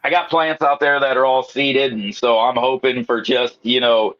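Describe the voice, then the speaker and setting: A man's voice: mid-range voice, steady tone, normal speed, fairly bright tone. Laughing man on lo-fi audio. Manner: laughs often, rambling, swears. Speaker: podcast co-host. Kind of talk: casual stoner chat.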